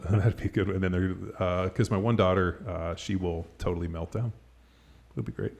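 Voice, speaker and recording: A middle-aged man hosts a podcast in loose, casual chat, circling his points with plenty of "like" and a stray curse. His voice sits very low with a gravelly edge. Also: steady tone, moderate pace, darkish tone. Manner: rambling, heavy use of "like", casual swearing. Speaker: podcast host.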